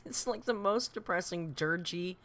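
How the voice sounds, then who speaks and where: A woman's voice: fairly low pitch, moderate pace, loud music behind the voice. A woman hosting a live react stream, chatting with joking asides. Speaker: channel host reacting to a video.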